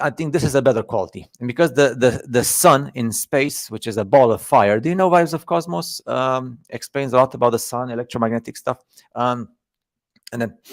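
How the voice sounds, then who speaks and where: Sarcastic man, halting, feigning ignorance. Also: mid-range voice, dry recording, clean studio sound. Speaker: video host. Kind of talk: casual ironic commentary on screenshots.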